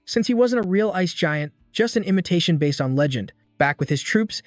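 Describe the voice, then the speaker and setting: A man reading a scripted story recap in a steady read-aloud way, barely changing his voice for the characters' lines. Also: high-pitched, normal speed, no room sound, clean studio sound. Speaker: recap narrator.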